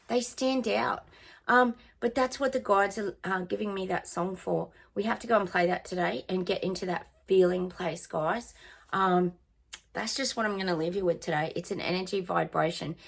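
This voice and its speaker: A woman's voice: medium pitch, vocal fry. A woman psychic chatting casually to her viewers, singing bits of songs and trailing off as she muses. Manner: chatty, sings song snippets, trails off. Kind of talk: casual psychic reading monologue.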